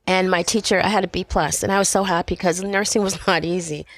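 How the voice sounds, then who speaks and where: A middle-aged woman from Canada, a podcast guest sharing a personal faith story in animated conversation. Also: fairly low pitch, fast talker. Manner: animated storytelling, acting out voices in quotes.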